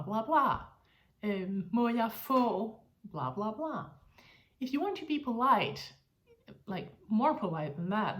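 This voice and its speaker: A woman with a Danish accent, a native Danish speaker, giving an online language lesson in an explanatory, friendly way with frequent laughs. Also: medium pitch.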